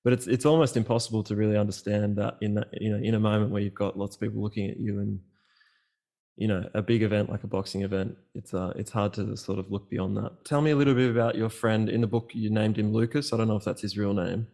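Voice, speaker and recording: A man's voice: fairly low pitch, fairly even intonation, fast, vocal fry, warm tone. A man hosting a podcast, asking reflective, hesitant questions with many fillers. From Australia. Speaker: podcast host. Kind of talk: interview questions.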